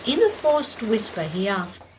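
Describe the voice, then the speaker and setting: Woman narrator, measured and gentle story reading, clear rain sound behind. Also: medium pitch, noisy background. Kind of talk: scripted narration. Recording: steady rain in background.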